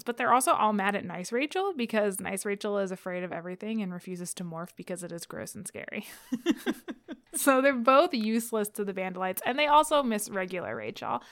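A young woman chatting on a podcast, retelling a story in an animated, giggly way. Her sound is dry and close, with no room around it. She laughs often between lines. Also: mid-range voice, dry recording. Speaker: podcast co-host recapping a book. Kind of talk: casual chat.

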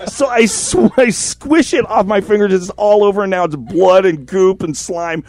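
A man hosting a podcast, telling an animated, profane story in casual chat. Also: high-pitched, normal speed. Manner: animated, profane, acts out voices in quotes.

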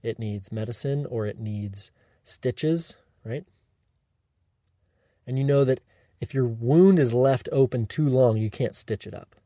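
A man giving a deliberate, coaching talk on how to apologize, often checking in with the listener by asking "okay?" or "right?". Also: mid-range voice, mellow, dry recording, clean studio sound. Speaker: self-help teacher. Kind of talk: instructive monologue.

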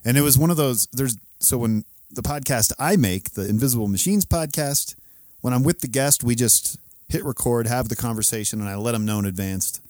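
A man's voice: medium pitch, a little fast, a little mellow, no echo. Dry, candid man chatting on a podcast. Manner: candid, self-deprecating, rambling with restarts. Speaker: podcast co-host. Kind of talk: casual chat.

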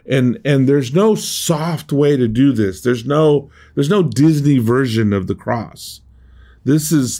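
A man's voice: fairly high pitch, darkish tone. A middle-aged man giving an earnest sermon as a pastor, often restarting and repeating words as he goes.

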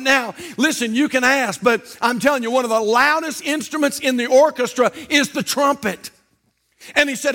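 A male pastor preaching a fiery sermon in a church, swinging between shouted warnings and hushed asides. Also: very high-pitched, normal speed. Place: church auditorium.

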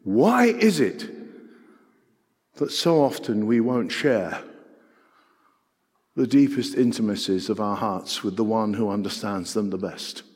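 A middle-aged man preaching a sermon, earnest and full of rhetorical questions, swinging between loud and hushed. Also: lowish voice, fairly even intonation, a little slow, slightly rough. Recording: long hall reverb.

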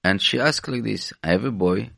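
A male radio host with a very low, gravelly voice that sounds dry and close. He talks haltingly, stumbling and restarting as he goes. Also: a bit bright, no room sound. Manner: halting, stumbles over words, laughs along. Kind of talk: casual radio talk.

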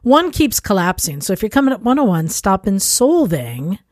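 A woman co-hosting a podcast, chatting casually and chiming in quickly. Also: medium pitch, big pitch swings, a little mellow, no echo, studio quality. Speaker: podcast co-host reading listener mail. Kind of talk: casual chat.

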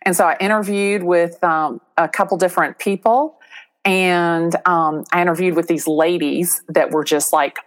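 A middle-aged woman from Atlanta, a real estate agent telling her story as an interview guest in a lively, chatty way, acting out the voices of the people in it. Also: fairly low pitch, normal speed. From Atlanta, USA. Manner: animated, acts out quoted voices, laughs often.

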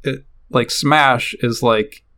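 A man's voice: mid-range voice, steady tone, slow pace, fairly bright tone. A man co-hosting a casual podcast, hesitant and filling his talk with likes and ums. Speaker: podcast co-host.

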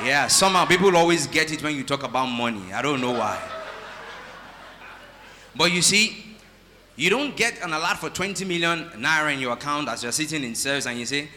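Bright-voiced preacher in a hall. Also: male voice, a little high, expressive, slight background noise. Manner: preaching with call-and-response, drawn-out emphasis. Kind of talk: sermon. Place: church hall. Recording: live sermon in a reverberant hall.

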